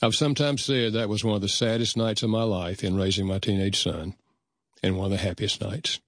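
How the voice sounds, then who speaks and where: An older man with a low voice shares stories from his own life, speaking earnestly and at a measured pace. He often slips into remembered dialogue. The recording is dry and close, with no room sound. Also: fairly even intonation, fairly bright tone, no echo. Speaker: guest author. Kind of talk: reflective storytelling in conversation.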